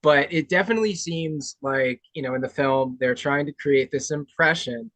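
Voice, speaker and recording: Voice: medium pitch, normal speed, a bit bright, no room sound, rough recording. A podcast host in casual political chat who rambles and leans on lots of fillers.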